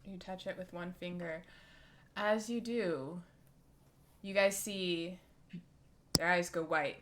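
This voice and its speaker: Woman DM, bright tone, chatty rambling scene narration. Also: lowish voice, slow, a little hiss or hum. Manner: descriptive, rambling, lots of likes and ums. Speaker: dungeon master. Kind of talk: narrating a tabletop game.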